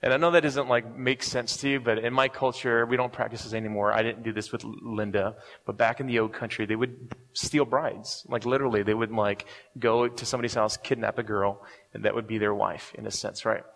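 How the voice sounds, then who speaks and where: Preaching with a gravelly, slightly bright voice on the low side, this man keeps a fairly even intonation and a brisk pace. The recording has a big-room sound. He's conversational, chuckles frequently, and often asks his listeners "right?"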